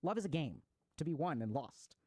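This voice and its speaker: A man's voice: on the high side, big pitch swings, brisk, a little mellow, no room sound. A man giving a recorded talk on psychology, explaining ideas and acting out everyday examples. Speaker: mental health speaker. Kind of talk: recorded talk on attachment styles.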